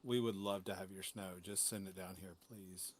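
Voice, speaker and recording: A man's voice: low voice, fairly even intonation, normal speed, husky. A man from the Southern US with a slight Southern accent, joking and telling stories animatedly in casual chat. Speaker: player.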